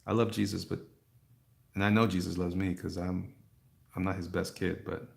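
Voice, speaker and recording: Sketching live for his viewers, a man chats casually, rambles, teases himself, laughs often, and answers the chat. His voice sits low with a level tone and vocal fry, at normal speed.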